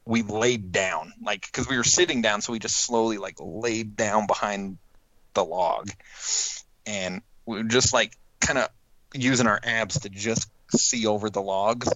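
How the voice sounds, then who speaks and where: Animated man telling a hunting story. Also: on the low side, unhurried, dry recording, muffled recording. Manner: animated, acts out quotes with laughs. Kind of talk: casual storytelling.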